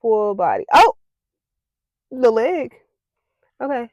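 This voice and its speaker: A woman's voice: fairly high pitch, very animated, slow pace, no echo, lo-fi sound. Panicky young woman, squealing and nervous. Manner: says "like" and "y'all" a lot. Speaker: vlogger. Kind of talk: casual to-camera vlog.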